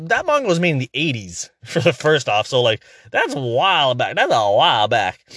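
Young man, podcast host, angry profane rant, animated pitch, fairly high voice, dry close sound. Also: no echo. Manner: heated, profane, exasperated ranting. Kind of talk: casual ranting commentary.

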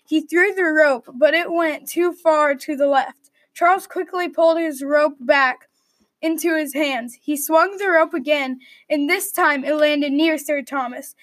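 A woman reading a medieval adventure story aloud at a steady read-aloud pace. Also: high-pitched, unhurried, dry recording.

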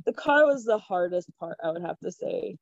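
A young woman telling a personal story in a chatty, giggly, animated way. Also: on the low side, normal speed, gravelly, no room sound, dull audio. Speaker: podcast guest. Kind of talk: casual storytelling.

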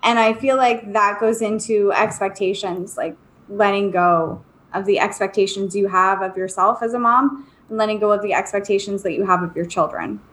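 A woman's voice: mid-range voice, steady tone, moderate pace, a bit bright, low-quality recording. A woman who co-hosts a podcast and is a mother of three, talking in a candid, chatty, self-deprecating way. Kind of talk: casual podcast conversation.

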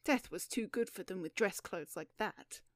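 A woman voicing a breezy, sarcastic gentleman in an audiobook, calm and dry-witted. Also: mid-range voice, normal speed, no room sound, lightly acted. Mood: wry. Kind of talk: audiobook reading.

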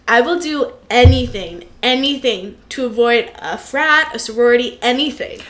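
Young woman co-host, high voice, wry, self-conscious storyteller. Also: normal speed, a bit bright, a little hiss or hum. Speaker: podcast co-host. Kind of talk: casual chat.

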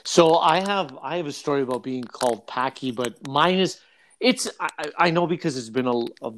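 Young guy on a podcast, chatty and animated, keeps jumping into voices for people in his story. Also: mid-range voice, a little fast, slight background noise. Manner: animated storyteller, acts out quotes. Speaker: podcast co-host. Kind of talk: casual podcast chat.

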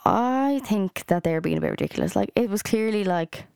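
A woman's voice: mid-range voice, huge pitch swings, moderate pace, a little mellow, clear, resonant tone, no room sound, clean studio sound. A young adult woman hosting a solo podcast, ranting in a heated way with lots of swearing and "like" fillers. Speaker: podcast host.

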